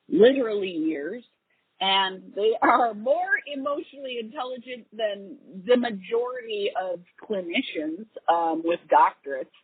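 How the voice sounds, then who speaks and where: A woman's voice: mid-range voice, slightly rough, no room sound. A woman hosting a call-in advice show, chatting casually and laughing easily as she answers questions. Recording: tinny phone-like dry line.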